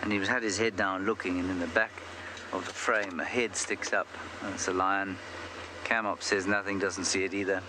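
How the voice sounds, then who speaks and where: Low-voiced safari guide on a noisy drive. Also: male voice, little pitch movement, moderate pace. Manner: chatty, self-deprecating storyteller. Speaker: safari guide and live show host. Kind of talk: live safari commentary, casual chat. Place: outdoors in the bush, on a game drive. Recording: noisy outdoor live broadcast.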